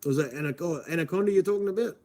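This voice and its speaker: A slightly high, warm male voice races along very fast with an Australian accent. He's a Melbourne live streamer chatting casually, rambling, answering chat and saying "mate" constantly.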